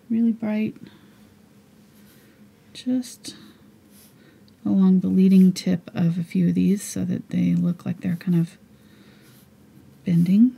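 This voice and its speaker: A woman teaching a live painting lesson, her voice hoarse and fading as she talks quietly through each brushstroke. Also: medium pitch. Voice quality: husky, gravelly. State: losing her voice. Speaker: painting instructor.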